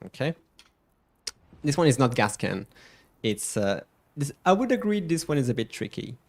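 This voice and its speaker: A man's voice: on the high side, very animated, darkish tone. French man drawing out French names. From France. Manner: playful, drawn-out emphatic pronunciations. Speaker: co-host. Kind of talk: casual stream chat and pronunciation lesson.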